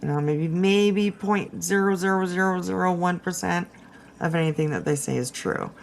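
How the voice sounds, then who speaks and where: A woman's voice: on the low side, normal speed, vocal fry, a little hiss or hum. A woman hosting casual drama commentary, chatty and swearing freely, laughing often and fighting off a cough. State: coughing from a cold.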